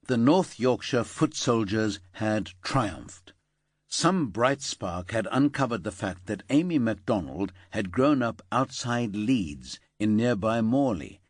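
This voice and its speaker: A man narrating a thriller audiobook in an expressive storytelling manner. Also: lowish voice, dry recording, studio quality. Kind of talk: scripted narration.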